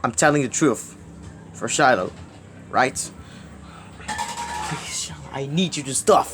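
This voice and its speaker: A man's voice: medium pitch, over music. Pleading, repetitive man ranting at camera. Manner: pleading and repetitive, swings between loud outbursts and mumbling; halting, restarts words often. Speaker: video creator. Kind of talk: rambling direct-to-camera plea.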